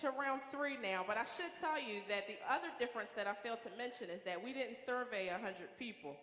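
Woman, high voice, playful game host, long hall reverb, audience murmur. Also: fairly bright tone. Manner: playful, chatty, apologetic asides. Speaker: game show host at a church event. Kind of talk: lively game hosting. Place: large church hall with a congregation. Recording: echoey hall with long reverb and crowd noise.

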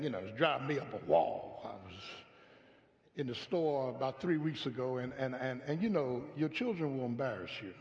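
A male pastor preaching a sermon in a church, calling for response from the congregation and repeating his words as he builds. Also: a little high. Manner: call-and-response preaching with repeated stammered phrases. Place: church sanctuary. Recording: echoey hall, dull lo-fi sound.

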